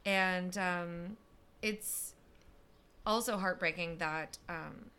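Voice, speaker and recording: A woman's voice: on the low side, bright, forceful tone, clear, resonant tone. A young woman co-hosting a podcast, telling a story in a casual chat with lots of fillers. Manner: chatty, lots of fillers and quick asides.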